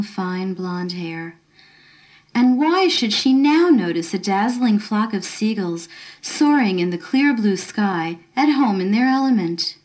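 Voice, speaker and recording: A woman narrating a short story in a measured, expressive reading. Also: medium pitch.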